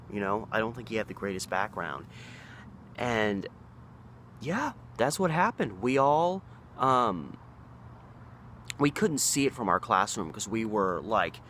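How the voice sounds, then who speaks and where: A man in his thirties from Oregon with a lowish voice tells a story casually. He rambles, restarts his sentences and acts out what others said. A faint hiss sits under the recording. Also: a bit bright. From Oregon, USA. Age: 30s. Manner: rambling, with frequent restarts and acted-out quotes. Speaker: local history storyteller.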